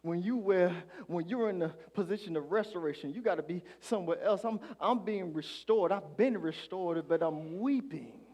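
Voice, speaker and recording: A man gives a sermon as pastor in a high-pitched voice at a moderate pace, leaving few pauses. He prompts the congregation to respond and moves from quiet lines to shouts.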